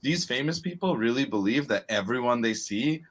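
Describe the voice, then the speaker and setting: A man with a mid-range voice lays out his reasoning on a sports betting podcast. His delivery is measured and explanatory, and he drifts easily into telling stories. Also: mid-range voice, expressive. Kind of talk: casual chat.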